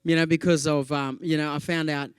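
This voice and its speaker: A comedian delivering a conference keynote, this high-pitched Australian man tells comic stories to a live audience, fairly quickly, in a clear, resonant tone. He's animated and jumpy, doing playful voices for people he quotes and tagging lines with "yeah?" and "you know." The recording is dry and studio quality.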